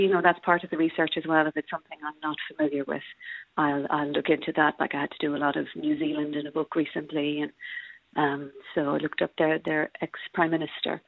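A woman who narrates audiobooks, talking in a chatty, lively way and laughing easily as an interview guest. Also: sits low, brisk, vocal fry, no echo. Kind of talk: interview guest over a remote line. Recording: tinny phone-like line, dry.

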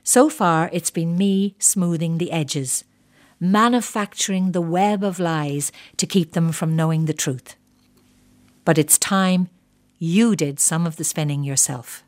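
A middle-aged woman reading a first-person short story in a measured, quietly bitter, reflective way. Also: on the low side. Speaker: narrator.

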